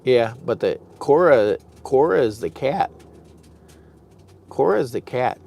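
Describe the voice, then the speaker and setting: A camping vlogger streams on his phone from a heated tent, rambling in a chatty way and hyping people to like and share. He speaks at a measured pace in a medium-pitched voice that's animated, creaky, and darkish in tone.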